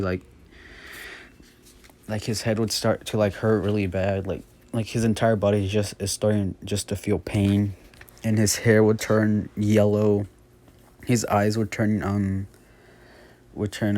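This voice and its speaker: A man's voice: on the low side, mellow. A man casually telling an invented fan story, rambling and hesitant with constant filler words and restarts.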